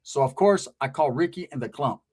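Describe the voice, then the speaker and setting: Storyteller, male, slightly high voice, foul-mouthed and lively, does all the voices himself. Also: fairly quick, slightly rough. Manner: animated, acts out every quoted voice; profane, slangy street talk with Spanish words. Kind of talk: casual storytelling.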